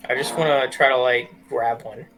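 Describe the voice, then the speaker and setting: A young man casually playing a tabletop game, goofy and relaxed, with a mid-range voice. He talks in a loose, easy way. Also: medium pitch, normal speed, over music. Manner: laid-back, goofy. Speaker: player.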